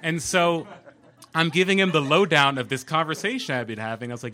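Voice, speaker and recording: A man telling a personal story on stage at a live storytelling event, animated and laughing as he goes. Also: a little high, moderate pace. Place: live event venue with audience.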